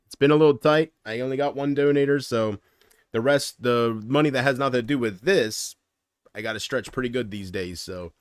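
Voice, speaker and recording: A man chatting casually on a livestream, rambling and griping. He swings from loud complaints to muttered asides and trails off mid-sentence. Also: medium pitch, a little fast, clean tone, dry recording, studio quality.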